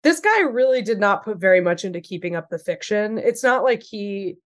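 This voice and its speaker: A woman's voice: medium pitch, lively intonation, brisk. A woman in her thirties hosting a podcast in casual chat, chatty and full of fillers, swearing now and then. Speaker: podcast host and storyteller.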